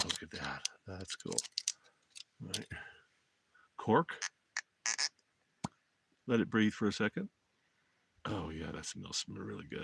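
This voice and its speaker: Live-streaming from his phone outdoors in the mountains, an Alabama man with a Southern accent chats folksily and rambles with his viewers as a motorcycle travel vlogger. His voice is fairly low, creaky, and fairly bright, with slight background noise.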